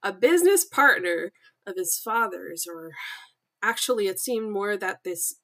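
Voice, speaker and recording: A woman's voice: medium pitch, animated, unhurried, bright, forceful tone. A young woman streamer reading her own story aloud on a casual livestream, breaking off to laugh, swear and comment on her own writing.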